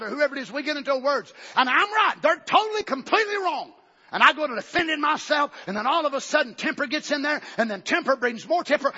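A male pastor preaching a fervent sermon in a church, swinging between shouting and hushed talk. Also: very high-pitched. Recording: dull recording with long hall reverb.

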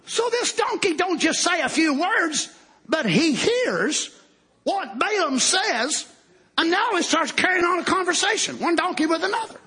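A man preaching a fervent sermon, shouting and then dropping low. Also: sing-song, a little slow. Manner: fervent shouting, swinging from loud to soft.

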